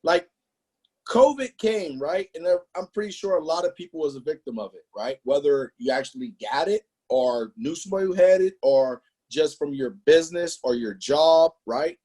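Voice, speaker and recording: A man leading a motivational sales training, emphatic and animated, throwing out rhetorical questions and slang. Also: fairly high pitch, normal speed, breathy edge. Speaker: business trainer presenting to a team.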